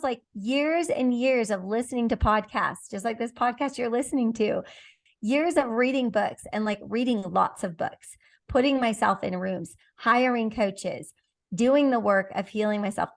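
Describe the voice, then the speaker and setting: A woman guest on a podcast, a business coach talking with an energetic, emphatic coaching tone. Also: medium pitch, gravelly. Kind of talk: motivational conversation.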